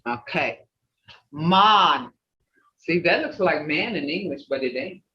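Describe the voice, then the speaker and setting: A language teacher leading an online class, sounding out syllables slowly, one at a time. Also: mid-range voice, lively intonation, pushed and bright. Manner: slow, drawn-out syllable drilling. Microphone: video call. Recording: echoey, dull video call audio.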